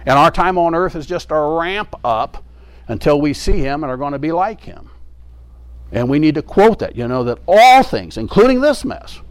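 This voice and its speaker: A man's voice: fairly high pitch, expressive, normal speed, smooth, dry recording. A man preaching a sermon in an earnest way, repeating his key phrases for emphasis.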